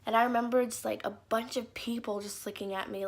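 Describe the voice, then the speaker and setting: A woman's voice: a little high, steady tone, fairly quick. A young woman telling embarrassing stories from her childhood in a casual vlog, with lots of "like" fillers and acted-out quotes. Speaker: YouTuber. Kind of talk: story time vlog.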